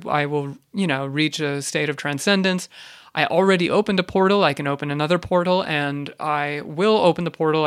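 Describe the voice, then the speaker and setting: A man hosting a podcast, delivering an ironic comedic monologue in a rambling deadpan way with many fillers and restarts. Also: fairly high pitch, clean tone, no room sound, clean studio sound. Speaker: podcast host.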